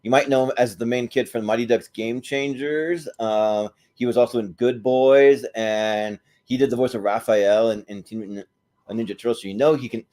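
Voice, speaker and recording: A man chats as a panelist, easygoing and keen about his pick. His voice is mid-pitched and plain. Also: steady tone, normal speed, mellow. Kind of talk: casual panel chat.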